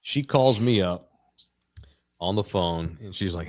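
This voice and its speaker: A man's voice: sits low, a little slow, a little mellow. A man in his forties, a podcast co-host, telling a long crude anecdote in a casual, rambling way with plenty of profanity. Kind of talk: casual sports podcast storytelling.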